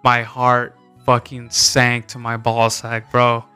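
A young man on a podcast, telling a story in a casual, animated way, slangy and full of swearing. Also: medium pitch, takes it slowly, clear, resonant tone, soft background music. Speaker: podcast co-host.

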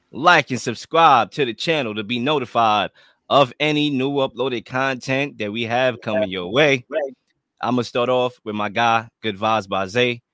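A man's voice: medium pitch, sharp tone, no echo, clean studio sound. A man hosting a sports talk show, hyping up segments like a showman. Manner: hype, showman-like.

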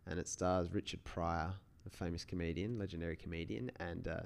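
A man's voice: low-pitched, fairly even intonation, brisk, gravelly, a little mellow, clean tone. A man hosting a solo podcast, talking in a casual, rambling way with many restarts. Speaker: podcast host.

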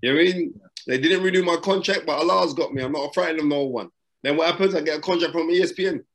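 A middle-aged boxing broadcaster speaks fast in a slightly high, somewhat bright voice, with slight background noise. Guesting on an interview from a hotel room during lockdown, he hands out motivational advice in an emphatic, repetitive, preacherly manner laced with street slang.

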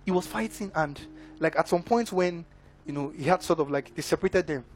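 A minister delivers a sermon in a fairly high voice, a little fast, emphatic and driving. He keeps checking in with the congregation, asking whether they follow him, while soft music plays in the background.

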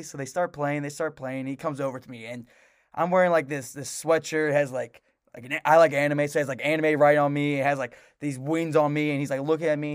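A man's voice: on the high side, fairly even intonation, quick pace, dry recording, studio quality. A young man co-hosting a casual podcast, telling a long story in a rambling way with lots of restarts. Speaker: podcast co-host. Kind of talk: casual chat.

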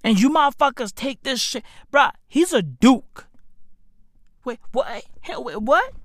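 A woman's voice: sits high, sing-song, unhurried, no room sound. A woman delivering a profane, incredulous comedic rant, piling on exclamations and repeated interjections. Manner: repetitive, stacks interjections.

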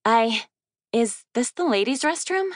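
A flustered young woman, crying and stammering as she makes fun of herself, her voice pitched high and bright, as a woman reads her in an audiobook. The recording is close and dry. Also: very animated, moderate pace, no echo, natural voice. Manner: stammering, self-deprecating. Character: flustered young woman grad student, teary.

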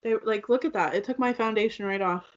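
A young woman co-hosts a casual chat about makeup, talking fast at a fairly high pitch. She's chatty and loose, sprinkling "like" everywhere, and the lo-fi recording sounds dull.

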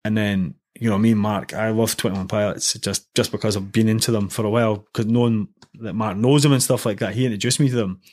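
A man's voice: fairly low pitch, steady tone, quick pace, hardly any pauses, darkish tone. Chatty man telling stories. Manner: chatty storyteller with many fillers and restarts. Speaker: guest. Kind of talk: casual podcast chat.

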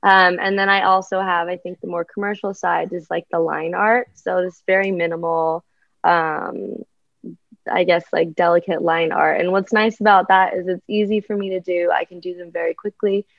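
A woman's voice: lowish voice, level tone, normal speed, gravelly, no echo, dull audio. A young adult woman artist talking in a casual interview, chatty and full of ums and likes. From United States. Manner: chatty, many ums and likes, laughs often. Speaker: artist guest.

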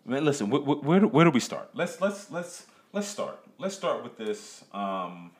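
A man's voice: medium pitch, very animated, moderate pace, slightly rough. A man hosting a solo podcast, talking casually and profanely, rambling and stammering through restarts, with rhetorical questions to the listener. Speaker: podcast host.

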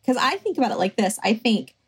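A middle-aged woman talking casually as a podcast co-host, her voice slightly husky and breathy. She tells her points animatedly, often acting out what she says to herself. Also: a little high, fast, poor audio. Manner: animated, many fillers and quoted self-talk. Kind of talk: casual chat.

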